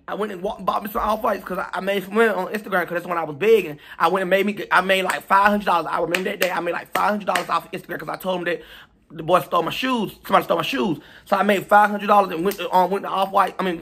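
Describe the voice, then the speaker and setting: A man telling a storytime vlog in a chatty, animated, profane gossip manner, talking straight to his viewers. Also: sits high, fast, gravelly, slight background noise. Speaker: storytime vlogger.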